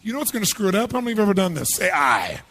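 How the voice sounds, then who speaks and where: High, energetic man working a big crowd. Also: rapid-fire, a little hiss or hum. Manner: energetic, punchy, quizzes the audience. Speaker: motivational seminar speaker. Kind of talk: live motivational seminar talk. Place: large seminar hall with thousands present.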